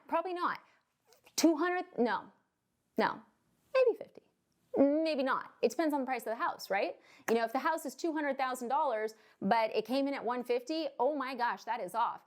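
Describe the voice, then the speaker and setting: A woman mortgage loan officer explaining home buying in a casual, chatty way, tossing in "right?" and "okay?" and joking asides. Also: high voice. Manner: jokey asides and acted quotes.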